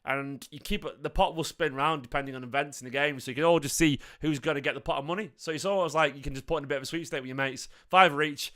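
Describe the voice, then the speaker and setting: Young guy rambling on a fan stream, quick and bright, smooth clean voice. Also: fairly high pitch. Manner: chatty, rambling, reads out chat names. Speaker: fan channel host. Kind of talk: casual live-stream chat.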